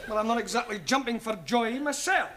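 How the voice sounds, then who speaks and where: A flustered English teacher. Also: male voice, very high voice, fairly quick, a loud crowd. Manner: exasperated, patient, precise. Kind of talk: 1970s studio sitcom acting.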